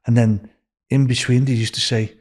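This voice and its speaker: Scouse man, 60s, animated storyteller, middle-pitched voice. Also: moderate pace. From Liverpool, England. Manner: animated, acts out quoted speech in a raised voice. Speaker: podcast guest. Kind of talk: anecdotal storytelling.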